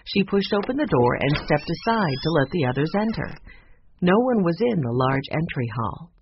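Expressive kids' book narrator, lively up-and-down voice, kinda breathy, dull lo-fi recording. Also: medium pitch, normal speed. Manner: expressive, lively storybook reading. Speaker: audiobook narrator. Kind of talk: scripted children's book narration. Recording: dull lo-fi recording with faint noise.

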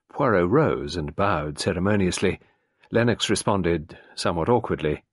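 A man reads a novel aloud in a steady, expressive narration. His voice sits low and is husky, with lively rises and falls in pitch. The recording is dry and close. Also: moderate pace, dry recording. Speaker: audiobook narrator.

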